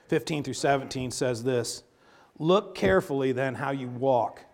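A man preaching a sermon in a folksy, animated way, moving between loud emphatic bursts and quiet low asides. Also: unhurried. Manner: animated, folksy storytelling with sports analogies. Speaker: pastor.

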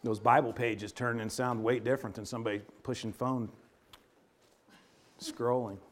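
A man preaching a sermon in a folksy, animated way, moving between loud emphatic bursts and quiet low asides. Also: moderate pace, slight background noise. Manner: animated, folksy storytelling with sports analogies. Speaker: pastor.

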